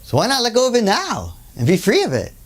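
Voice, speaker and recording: Talking at a quick pace in a mid-range voice, this workshop speaker shares an anecdote, animatedly performing each person's voice. The conversational storytelling lecture is dotted with asides.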